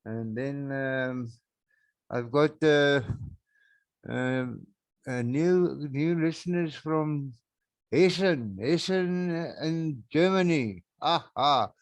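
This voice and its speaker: A South African man hosting a solo podcast, rambling and mocking, with sudden loud outbursts and laughs, on a backup microphone. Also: fairly high pitch, very slow, no room sound. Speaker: podcast host.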